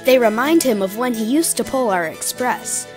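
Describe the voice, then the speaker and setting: A cheerful young male steam engine from a storybook, chatty and eager, his voice pitched up high, as a woman puts him on. He talks brightly and quickly about his friends. Soft music plays faintly behind him. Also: animated, lightly acted.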